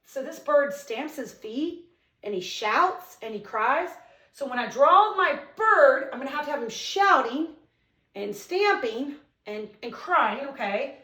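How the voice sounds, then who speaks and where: A woman teacher giving an online lesson to young children, reading a poem aloud with slow, expressive emphasis. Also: high voice, reverberant, distant mic.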